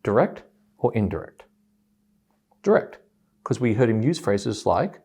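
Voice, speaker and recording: Man telling a story with animated pitch. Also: unhurried, slightly rough. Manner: animated, acts out both sides of quoted dialogue. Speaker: speaker on communication styles. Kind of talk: storytelling talk to an audience.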